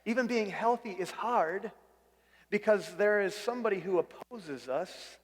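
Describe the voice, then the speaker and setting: A man preaches a conversational sermon as pastor in a large hall, his voice high-pitched and animated and his pace a little slow. He often restarts phrases, repeating words, and questions the room.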